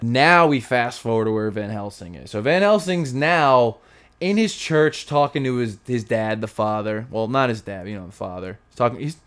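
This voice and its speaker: A man in his thirties reviewing a movie in a casual, jokey, sarcastic way, rambling through the plot. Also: mid-range voice.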